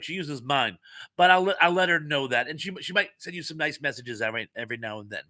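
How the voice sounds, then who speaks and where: A middle-aged man from the Northeastern US hosts a relaxed live chat. He reads viewer comments aloud and tosses in puns and chatty, self-deprecating asides. His voice is bright and crisp, recorded close and dry. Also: fairly high pitch, fairly quick, no echo.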